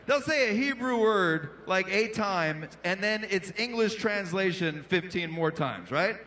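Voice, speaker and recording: A man's voice: high voice, expressive, a little slow, pushed and bright, a little hiss or hum. A male stand-up comedian and emcee, punchy and playful, riffing with a crowd on a big indoor arena stage through a handheld microphone.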